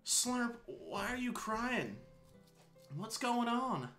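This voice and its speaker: A man voicing a cheerful, clumsy young girl in a high, sweet, girlish voice. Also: sing-song, very slow, bright, forceful tone, soft background music, exaggerated voice. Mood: worried. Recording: roomy echo.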